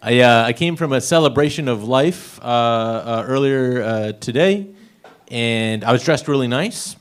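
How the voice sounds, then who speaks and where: A man's voice: medium pitch, animated, unhurried, smooth. A young man performing stand-up at an open mic, rambling through his jokes and laughing at his own lines. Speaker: stand-up comedian. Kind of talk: stand-up set. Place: open mic comedy stage.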